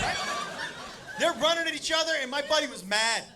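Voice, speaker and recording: A man performing stand-up storytelling, animated and profane, acting out the voices of the people in his tale. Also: very high voice, fast talker. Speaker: stand-up comedian. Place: comedy stage before a live audience. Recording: live stand-up with loud audience laughter and noise.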